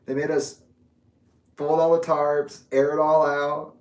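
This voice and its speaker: A man's voice: a little high, little pitch movement, drawn-out words, long pauses, a little mellow. A man casually telling a personal story in a rambling, profane way, laughing often. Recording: echoey room, mic far off.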